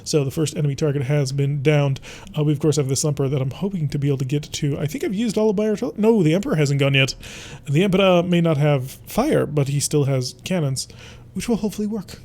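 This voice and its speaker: This gameplay commentator talks quickly in a slightly high, a little mellow voice while playing a strategy game. His let's-play style is theatrical and playful, with lines aimed at the enemies.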